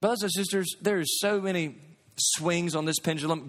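A man preaching a sermon as pastor, animated and swinging between loud emphasis and quiet asides. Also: high voice, moderate pace. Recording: long hall reverb.

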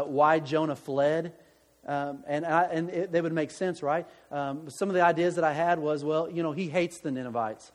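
A man's voice: a little high, big-room sound. A man preaching a sermon in a conversational way, often restarting his sentences and poking fun at himself. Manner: conversational, self-deprecating, many restarts. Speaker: pastor.

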